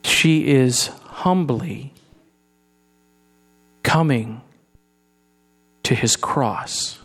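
Male pastor, sermon, chatty questions to the congregation, hushed solemn passages, hall reverb, mains hum. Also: medium pitch, extremely slow, slightly rough. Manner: conversational preaching with rhetorical questions to the congregation.

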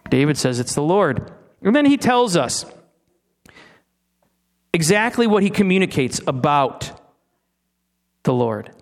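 This pastor, a middle-aged man, preaches conversationally with a sing-song, rather high voice, speaking a little slowly and leaving long pauses. He often restarts and puts questions to his audience.

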